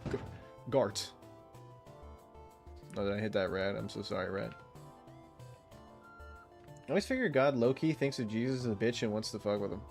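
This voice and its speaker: A man's voice: on the low side, lively intonation, a little fast, vocal fry, long pauses, faint music behind. A man live-streaming a game, chatting casually with viewers in a rambling, self-interrupting way, laughing often and swearing freely. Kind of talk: casual chat with viewers while gaming.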